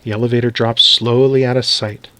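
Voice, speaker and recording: A man reading a children's story aloud in an animated, expressive way. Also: medium pitch, fairly quick, clear, resonant tone, no echo.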